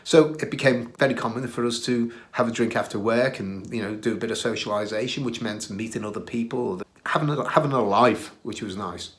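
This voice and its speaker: A man's voice: mid-range voice, brisk, few pauses, fairly bright tone. A middle-aged man with a British accent hosting his own show, telling stories from his career in a chatty, self-deprecating way with plenty of "uh"s and restarts. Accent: British English. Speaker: podcast host recounting his career. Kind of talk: casual storytelling.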